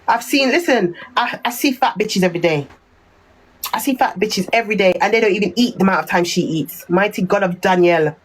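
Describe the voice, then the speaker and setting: A woman's voice: mid-range voice, fairly quick, slight background noise, low-quality recording. A woman with a Jamaican accent ranting on a phone live stream, repeating insults in a heated, cutting manner.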